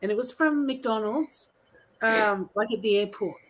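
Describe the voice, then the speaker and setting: A woman's voice: a little high, unhurried, a little hiss or hum, poor audio. An Australian woman chatting casually on a podcast, searching for words and amused by the topic. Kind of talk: casual chat.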